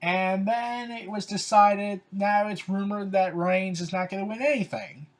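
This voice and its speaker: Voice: medium pitch, measured pace. A fan commentator talks through wrestling storylines in a loose, unscripted way. The delivery is sarcastic and openly exasperated, and it leans on "so, yeah" and "like" as fillers. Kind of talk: casual opinion commentary.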